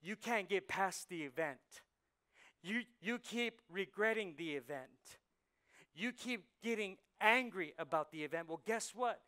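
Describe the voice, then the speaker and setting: A man preaching a conversational sermon as pastor, swinging from soft asides to loud punchlines. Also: sits high, animated, measured pace, smooth. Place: church sanctuary.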